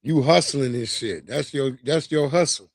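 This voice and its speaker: A man telling a long, profane childhood story on his livestream in a streetwise, animated way. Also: mid-range voice, moderate pace, no echo, clean studio sound. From New York. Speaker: livestream host. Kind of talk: casual storytelling.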